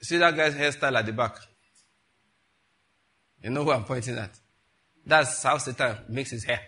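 A man's voice: mid-range voice, pushed and bright. A man preaching a sermon in a conversational way, with rhetorical questions and laughing asides. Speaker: pastor.

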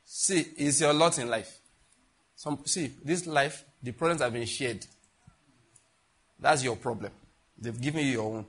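A man preaching a sermon as pastor, repeating phrases and swinging between loud and hushed delivery. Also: mid-range voice, a little slow, pauses often, slightly rough.

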